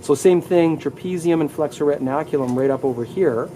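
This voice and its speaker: An upbeat male anatomy instructor lecturing to a live class, leading students through the terms and getting them to say each one aloud. His voice sits a little high yet sounds mellow and relaxed. Faint classroom noise hums behind him. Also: a little fast, rough recording.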